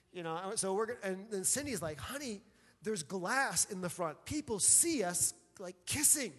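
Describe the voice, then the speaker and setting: A man preaching a sermon as a pastor, talking in a loose, conversational way with joking asides. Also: high-pitched. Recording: long hall reverb.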